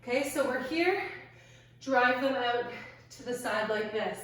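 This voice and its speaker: Woman fitness coach out of breath, slow talker, super echoey room, mic far off. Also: fairly high pitch. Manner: breathless, encouraging cues while exercising. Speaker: fitness instructor. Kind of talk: workout instruction.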